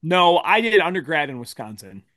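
A pastor with a faint Minnesotan accent, chatting playfully as a podcast co-host. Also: male voice, fairly high pitch, big pitch swings, bright, forceful tone, no echo, studio quality. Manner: playful, quick with jokes. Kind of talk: casual chat.

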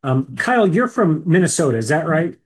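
A man's voice: on the high side, sing-song, brisk. A man, co-hosting a casual podcast chat with joking asides and restarts. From Indiana. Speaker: podcast co-host.

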